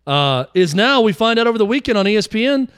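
A man co-hosting a sports talk show, telling stories in an animated way. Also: sits high, quick pace, smooth, no room sound, studio quality. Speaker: sports radio co-host.

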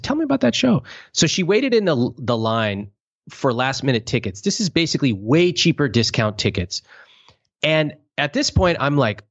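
Brief: male podcast host, very expressive pitch, slightly dull lo-fi sound, acts out quotes. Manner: animated storyteller, acts out quotes in exaggerated voices. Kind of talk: casual podcast talk.

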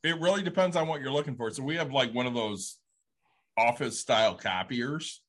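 A man's voice: medium pitch, fairly quick, fairly bright tone. A man who owns a rage room business, talking candidly and matter-of-factly in a casual podcast chat.

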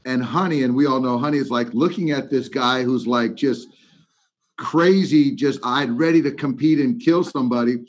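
A middle-aged man, a former ballplayer, chatting about baseball and telling an animated story with lots of fillers. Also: medium pitch, moderate pace. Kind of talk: casual sports chat. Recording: slightly muffled lo-fi audio.

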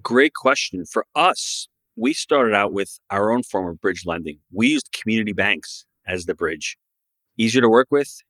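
Give me a low-voiced man in a dry studio sound, confidently pitching his investing approach as a podcast guest. He speaks with emphatic, salesy conviction. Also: lively intonation, normal speed, a bit bright, no room sound. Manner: emphatic, promotional advice-giving. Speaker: real estate investor guest. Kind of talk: podcast interview.

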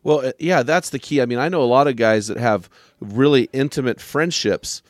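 A man's voice: mid-range voice, normal speed, dry recording, clean studio sound. A man hosting a podcast interview, enthusiastic and emphatic on key words. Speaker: podcast host. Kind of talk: casual interview chat.

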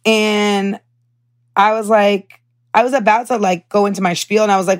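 Young woman, American accent, podcast host, casual chat, animated and heated, mid-pitched voice. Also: moderate pace, smooth. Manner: animated, heated retelling with swearing and asides. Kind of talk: casual storytelling monologue.

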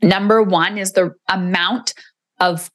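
A woman's voice: medium pitch, steady tone, takes it slowly, a bit bright. A woman in her forties hosting a solo podcast, candid and emotional, swearing casually as she reflects. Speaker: podcast host.

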